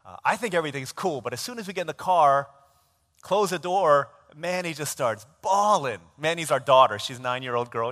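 Brief: male pastor, animated self-mocking storyteller, a bit high-pitched, preaching in an echoing sanctuary. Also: brisk. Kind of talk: sermon storytelling. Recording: long church reverb.

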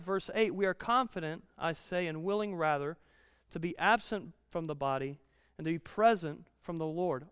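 A man's voice: fairly high pitch, normal speed, hardly any pauses, a bit bright, clear, resonant tone, no room sound, clean studio sound, long reverb tail. A man in his thirties preaching a conversational sermon, repeating key lines and rising in volume when he reads scripture.

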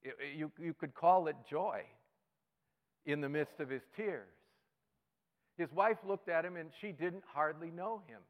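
Male pastor, fairly high voice, sermon storytelling that swings loud and soft, reverberant hall. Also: a little slow, long pauses. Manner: storytelling with sudden swings between loud and hushed.

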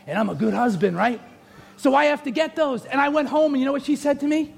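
A man preaching a sermon as pastor in a church, often shouting with humor. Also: very high-pitched, fast, gravelly.

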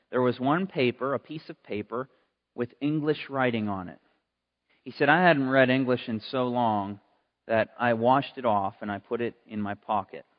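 A man preaching a sermon, who slows down and leans on key words for emphasis. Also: medium pitch. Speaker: pastor. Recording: muffled, long reverb.

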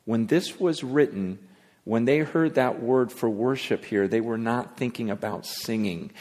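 A man preaching a sermon to his congregation, speaking with emphatic, animated delivery. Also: medium pitch, a little slow. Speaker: pastor. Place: church sanctuary. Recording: long reverb of a large hall.

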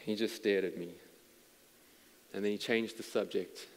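A man's voice: on the low side, steady tone, a little slow. A man preaching a sermon as a pastor, telling a story earnestly and stumbling over repeated words. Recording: long reverb from a large hall.

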